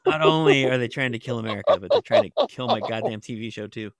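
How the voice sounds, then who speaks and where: A middle-aged TV writer and novelist tells stories in casual conversation, talking fast with a creaky, medium-pitched voice that swoops wildly. He rambles, leaning heavily on "like" and cursing now and then.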